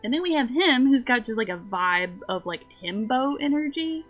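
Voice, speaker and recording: A woman's voice: on the high side, lively intonation, moderate pace, muffled recording, soft background music. A woman from the Southern US chatting casually as she streams a game, giggly and rambling.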